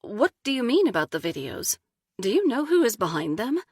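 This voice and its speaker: A woman voicing another woman who speaks gently and soothingly as she comforts her husband. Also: a little high, very animated, moderate pace, husky, no echo, clean studio sound, pitched above the performer's own voice, heavily acted. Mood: tender.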